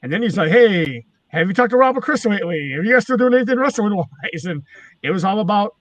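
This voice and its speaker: A man's voice: high voice, lively intonation, fast, dry recording. A man, a former wrestling manager, telling rambling, profane stories in casual chat. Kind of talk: casual storytelling.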